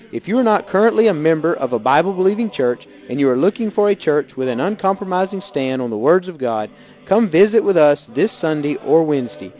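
Lively-voiced male radio announcer. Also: on the high side. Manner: measured, reads contact details slowly. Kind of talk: scripted closing announcement.

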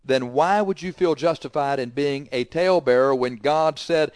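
A man's voice: a little high, moderate pace, few pauses, darkish tone, clean tone, no room sound, studio quality. A man preaching a sermon, hammering the congregation with confrontational rhetorical questions.

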